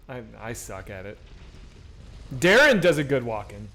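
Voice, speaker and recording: A man's voice: medium pitch, measured pace. A man streaming a video game, chatting casually with viewers and swearing freely as he plays. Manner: animated, swears freely, chats back to viewers. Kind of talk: casual live-stream commentary while gaming.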